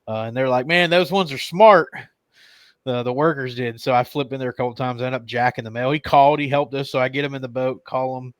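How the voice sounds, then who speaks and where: Casting: male angler guest, mid-pitched, chatty rambling storyteller, dry close podcast mic. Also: flat delivery, quick pace, few pauses, dry recording. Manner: rambling, filler-heavy storytelling.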